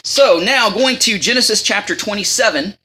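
A woman's voice: medium pitch, lively intonation, moderate pace, background noise. A woman teaching a Bible study in a casual, chatty way, reading scripture and acting out the lines.

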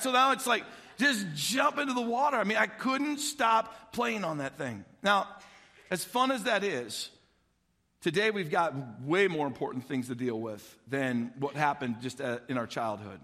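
A middle-aged pastor from Illinois delivers a sermon a little slowly, his high, bright voice full of animated energy as he tells stories and acts out children's voices. A long echo fills the recording, like a large church hall.

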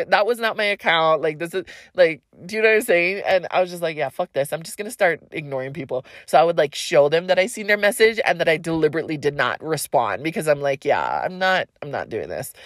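A woman's voice: on the low side, dry recording, clean studio sound. A young adult woman hosting a solo podcast, telling a story in a rambling, loose, profane way. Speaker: podcast host.

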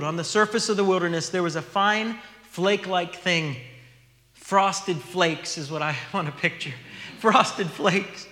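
A man's voice: high voice, sharp tone, echoey room, long reverb tail. A man preaching a sermon as a pastor, earnest and teaching, reading scripture aloud in a church sanctuary.

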